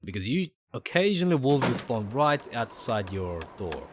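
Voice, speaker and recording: Gaming streamer, male, lively up-and-down delivery, explains mechanics as he plays, faint noise underneath. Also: mid-range voice, normal speed. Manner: thinks aloud, explains mechanics to viewers. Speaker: gaming livestreamer. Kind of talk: casual gameplay commentary.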